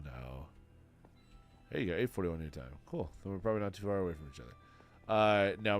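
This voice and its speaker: A man's voice: low voice, expressive, brisk, long pauses, soft background music. A young man from Texas with a stuffy nose, chatting casually on a livestream, rambling, swearing and laughing often. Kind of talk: casual stream chat.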